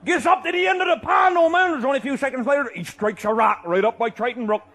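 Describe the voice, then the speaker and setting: A man with a Newfoundland accent telling a comic tall tale, boisterous, often shouting and laughing mid-sentence. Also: very high voice, fast talker. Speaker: comic storyteller.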